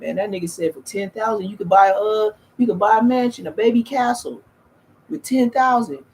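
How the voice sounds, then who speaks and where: A man's voice: high voice, fairly quick. A man, telling rambling, slangy, profane stories as a streamer in casual chat. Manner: profane, slangy, loose and restarting.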